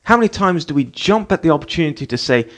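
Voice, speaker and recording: A man's voice: on the high side, animated, quick pace, fairly bright tone. Earnest man giving motivational talk. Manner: earnest, repetitive, acts out scolding parent voices. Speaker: podcast host. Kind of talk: motivational monologue.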